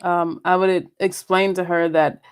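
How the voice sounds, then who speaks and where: A woman's voice: fairly low pitch, little pitch movement, a little slow, smooth. Playful, laughing woman podcast host. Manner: playful, laughs often, swears freely. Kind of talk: casual solo podcast chat.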